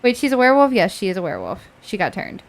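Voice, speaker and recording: A woman streaming a video game with a friend, chatting casually in an animated, giggly, teasing way. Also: medium pitch, gravelly. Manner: animated, giggly, quick to tease. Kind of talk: casual gameplay chat.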